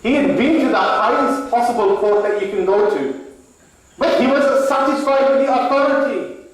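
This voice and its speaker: A man with a British accent telling a story in a sermon, animated and acting out the voices of the people in it. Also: very high voice, normal speed. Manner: animated, acts out voices in his stories. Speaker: preacher. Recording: echoey hall, from far off.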